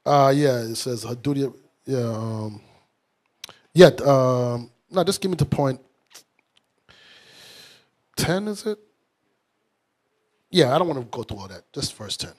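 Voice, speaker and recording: A man's voice: mid-range voice, lively intonation, takes it slowly, pauses often, darkish tone. A man preaching as a bishop in a fiery, mocking, blunt sermon style. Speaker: bishop and teacher.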